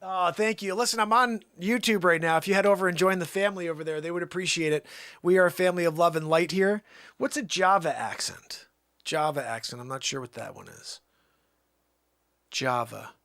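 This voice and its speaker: A man's voice: high voice, a little fast, fairly bright tone, no echo, studio quality. A man hosting a casual livestream, playfully chatting and trying out silly voices. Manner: playful, laughing, improvising voices. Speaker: livestream host.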